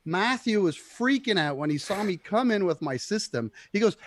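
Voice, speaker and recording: Brief: male guitarist guest, higher pitch, very lively delivery, dry close sound, casual livestream chat. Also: moderate pace, dry recording.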